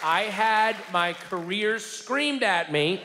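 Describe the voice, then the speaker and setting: A man doing stand-up storytelling on stage, animated, shouting out the crowd's yells. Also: high voice, slow. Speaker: stand-up comedian. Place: comedy stage before a live audience. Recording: reverberant live venue with crowd noise.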